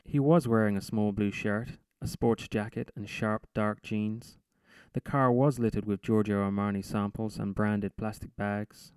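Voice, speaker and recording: Low-voiced man reading his story. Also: fairly even intonation, unhurried, darkish tone, clear, resonant tone, dry recording. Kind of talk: literary reading.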